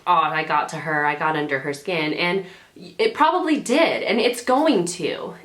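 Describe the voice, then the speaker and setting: A young woman in her twenties talks casually to her camera, rambling and sassy, catching and correcting herself mid-thought. Her voice sits on the lower side for a woman. The room rings around her, picked up by a camera mic at home. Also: a bit bright. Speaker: beauty vlogger. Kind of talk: casual chatty advice to camera. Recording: roomy home camera audio.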